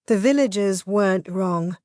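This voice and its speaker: A woman voicing a thoughtful young village woman who explains things gently. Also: medium pitch, unhurried, dry recording, clean studio sound, lightly acted.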